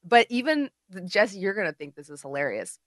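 A woman's voice: mid-range voice, brisk, dry recording. Chatty woman podcaster, dry close sound. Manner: animated storyteller who acts out quotes. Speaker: podcast co-host. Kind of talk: casual chat.

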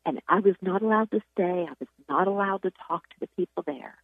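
A woman's voice: fairly low pitch, fairly quick, vocal fry, breathy edge, no room sound. A woman telling her near-death testimony in an earnest, intense way, sometimes dropping to a whisper. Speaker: guest sharing a testimony. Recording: tinny phone-like line, dry.

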